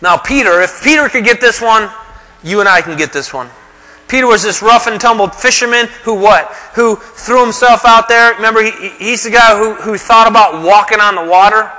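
A man's voice: sits high, normal speed, bright, forceful tone, big-room sound, poor audio. A man preaching a sermon, who asks the room rhetorical questions and often repeats his words. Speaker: pastor.

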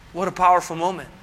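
A man's voice: high voice, fairly bright tone, a little hiss or hum. A man preaching a sermon as pastor, asking rhetorical questions and dropping humorous asides. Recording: long hall reverb.

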